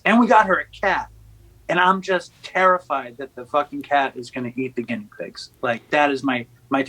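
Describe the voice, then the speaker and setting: A man's voice: on the high side, bright, forceful tone, low-quality recording. A man hosting a podcast, telling stories in a wry, joking way during a laid-back conversation. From New York City. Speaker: podcast host.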